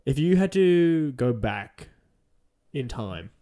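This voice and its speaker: A man's voice: mid-range voice, big pitch swings, takes it slowly, dark tone. A young man from South Australia with a South Australian accent, co-hosting a podcast and rambling through jokey theories in casual chat. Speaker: podcast co-host.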